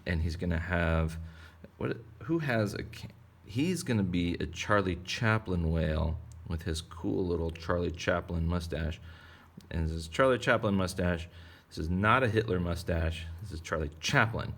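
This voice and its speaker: Deep-voiced, jokey man teaching kids to draw. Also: normal speed. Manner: rambling, playful, joking asides. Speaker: drawing teacher. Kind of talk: casual drawing tutorial for kids.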